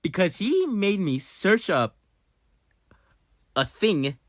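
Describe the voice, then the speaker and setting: Excitable speaker muttering, then shouting. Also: takes it slowly, dry recording, clean studio sound. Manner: excitable, swings from low muttering to sudden loud outbursts; mumbles half-words and fillers while searching. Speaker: channel host. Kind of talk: casual screen-recorded commentary.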